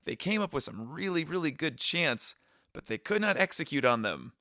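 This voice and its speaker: A man with a hoarse, raspy voice co-hosts a podcast, joking around in a loose, playful chat. His pitch swings widely and his tone is bright. The sound is dry and close. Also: very animated, normal speed, no echo. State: hoarse, raspy voice after shouting at camp. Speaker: podcast co-host.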